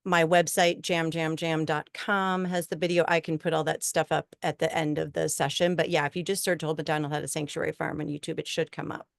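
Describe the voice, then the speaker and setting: A woman's voice: sits low, level tone, a little fast, creaky, few pauses, no echo, studio quality. A woman musician chatting as an interview guest, checking her sound and laughing easily. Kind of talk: casual interview chat.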